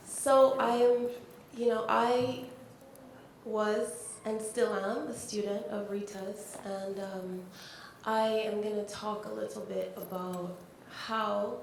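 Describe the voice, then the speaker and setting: A woman, telling a heartfelt personal story as a panelist at a symposium, with many pauses and fillers. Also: gravelly. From Jamaica. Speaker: poet and panelist. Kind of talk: symposium speech. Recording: very echoey hall, faint rumble.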